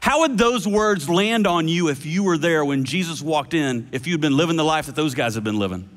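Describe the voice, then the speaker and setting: High-voiced preacher in an echoing hall. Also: male voice, brisk. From United States. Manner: animated, playful asides with shifting voices. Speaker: pastor. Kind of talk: sermon. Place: large church hall. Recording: long hall reverb.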